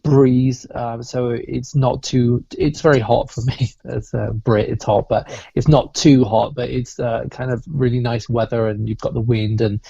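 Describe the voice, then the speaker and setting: A man's voice: mid-range voice, flat delivery, measured pace, gravelly, mellow, husky, dry recording. A man guest on a podcast who talks casually, stumbling at first, then relaxes into easy, enthusiastic chat. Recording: dull lo-fi sound.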